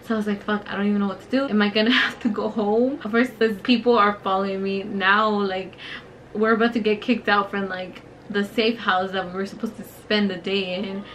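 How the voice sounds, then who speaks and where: A young woman tells a story as she does her makeup, swearing freely and using lots of fillers. Her voice sits at an ordinary middle pitch. She is close to the camera mic, with a faint noise behind her. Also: normal speed, poor audio. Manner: profane, filler-heavy, animated storytelling. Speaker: beauty vlogger. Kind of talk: casual storytime while doing makeup.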